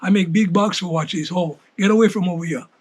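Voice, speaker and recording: A man's voice: high-pitched, fast talker, a little mellow. A man doing a territorial cop. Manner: territorial, gruff warning. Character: big possessive Hawaiian cop guarding a hole.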